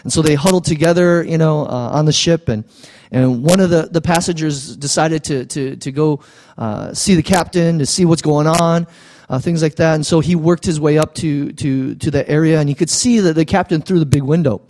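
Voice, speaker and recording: Halting, conversational male preacher. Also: fairly high pitch, a little mellow. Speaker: pastor. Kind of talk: sermon.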